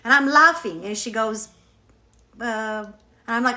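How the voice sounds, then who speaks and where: A woman with a bright, tense edge to her voice and a slightly high pitch speaks live on her phone from home. She tells her story as a casual spiritual coach, animated and candid, with an occasional swear word. The talk is loose and unscripted. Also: unhurried.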